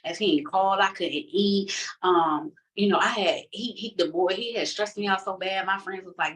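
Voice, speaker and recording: A woman with a low voice tells her personal testimony, candid and emotional, with plenty of casual fillers. She sits a fair way back from the microphone, so the sound is distant. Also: steady tone, moderate pace, fairly bright tone. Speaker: person giving a church testimony.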